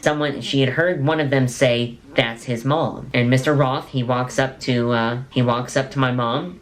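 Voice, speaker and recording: A young man, an actor, casually and enthusiastically telling behind-the-scenes stories while showing photos. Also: medium pitch. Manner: enthusiastic, chatty, repeats words. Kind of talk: casual vlog storytelling.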